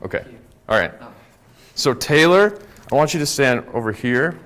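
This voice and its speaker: A man giving a lively talk to a live conference audience, often checking in with "right?" and "okay?". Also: medium pitch, moderate pace. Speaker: conference speaker.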